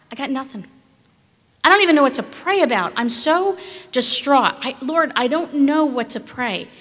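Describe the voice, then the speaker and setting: A woman preaching a sermon with emphatic rhetorical questions, at times dropping to a hush. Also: high-pitched, in a large hall.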